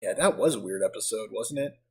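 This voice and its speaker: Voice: medium pitch, expressive, a little fast, low-quality recording. A streamer reading game text aloud and chatting casually, often laughing at their own reading. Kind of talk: let's play commentary and dialogue reading.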